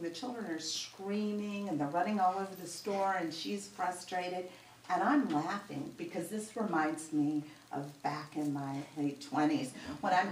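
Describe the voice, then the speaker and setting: A woman's voice: medium pitch, slight background noise. A middle-aged woman giving a heartfelt, reflective Mother's Day talk at a church service, with storytelling asides. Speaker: spiritualist medium giving a talk. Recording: roomy recording from far off, faint ambience.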